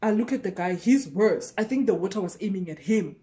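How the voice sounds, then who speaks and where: A young South African woman telling a storytime vlog in a lively way, acting out the exchanges as she goes. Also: mid-range voice, brisk. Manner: animated, code-switching storyteller who acts out each exchange. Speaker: YouTuber.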